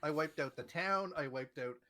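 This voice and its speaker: A man co-hosting a casual podcast, calmly recounting what he did in a video game. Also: a little high, moderate pace. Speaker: podcast co-host. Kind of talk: casual gaming chat.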